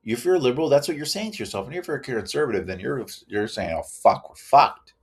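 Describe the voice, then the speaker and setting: A man's voice: mid-range voice, big pitch swings, rapid-fire, a little mellow, slightly rough. A man hosting a reaction video, ranting bluntly with plenty of swearing and repeated "guys". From Canada. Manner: blunt and profane, keeps addressing viewers as guys. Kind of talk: ranting commentary.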